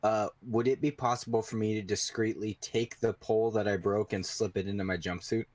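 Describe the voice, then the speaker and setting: Low-voiced player, dry close sound. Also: male voice, steady tone, fairly quick, darkish tone, no echo. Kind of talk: casual game talk.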